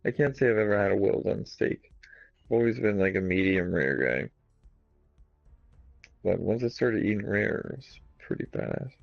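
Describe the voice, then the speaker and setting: A man's voice: on the low side, moderate pace, creaky, pauses often, no room sound, muffled recording. A man co-hosting a casual podcast, chatting in a laid-back way. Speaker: podcast co-host. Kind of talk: casual chat.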